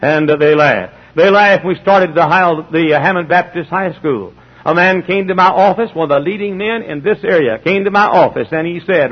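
On a dull, lo-fi sermon recording, a middle-aged pastor preaches emphatically in a slightly high, somewhat rough voice at a fairly quick clip. He repeats phrases and acts out both sides of conversations.

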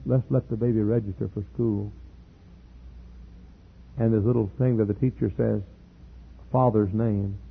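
A middle-aged male pastor telling a story in a sermon, earnest, repeating words and building to loud emphatic peaks. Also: on the low side, vocal fry, breathy edge. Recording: tinny lo-fi sermon tape.

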